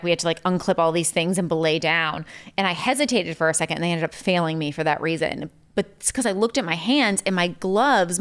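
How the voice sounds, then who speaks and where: Woman, podcast guest, lowish pitch, smooth resonant tone, chatty storyteller, lots of fillers. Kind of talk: casual chat.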